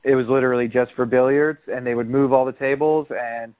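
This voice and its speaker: A man's voice: medium pitch, a little fast, clear, resonant tone. A man from South Florida with a South Florida accent, chatting casually about bands he grew up seeing, laughing often. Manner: relaxed storyteller, laughs often. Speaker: podcast co-host. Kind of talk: casual chat about music. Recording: tinny phone-like line.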